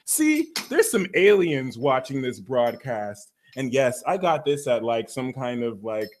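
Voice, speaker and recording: A man hosting a live astrology Q&A stream, talking in a theatrical, excitable, jokey way. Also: medium pitch, slow pace.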